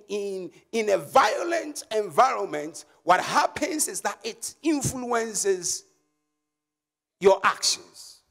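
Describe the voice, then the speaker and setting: A man with a Ghanaian English accent preaching a sermon as pastor and prophet, leading the congregation in call-and-response. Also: sits high. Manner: slow, emphatic preaching with repetitions.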